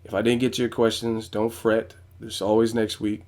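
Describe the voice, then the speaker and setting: In a lowish, monotone, somewhat mellow voice at a moderate pace, a man comments on boxing for his YouTube vlog. His take is casual, blunt, and full of profanity, peppered with "you know what I'm saying."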